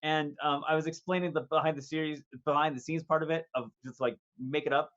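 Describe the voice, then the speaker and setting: A podcast host with a fairly high voice reminisces casually with an old friend. He talks in stops and starts, full of fillers and restarts, and laughs often. The recording sounds dull and lo-fi. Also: fairly even intonation, fast, a bit bright.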